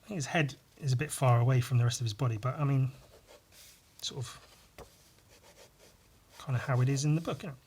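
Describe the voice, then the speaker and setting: A young man with a wheezy, squeaky breath, rambling crudely and mocking himself as he draws. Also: fairly quick, long pauses, darkish tone, slight background noise. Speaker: podcast host drawing. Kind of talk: rambling solo chat while drawing.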